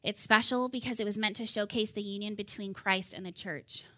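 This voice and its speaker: A woman's voice: mid-range voice, fairly even intonation, a little fast, fairly bright tone, no room sound. A young woman giving a teaching talk on counseling, chatty and emotional, laughing at herself as she goes. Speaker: biblical counseling speaker. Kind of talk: teaching talk to a women's group.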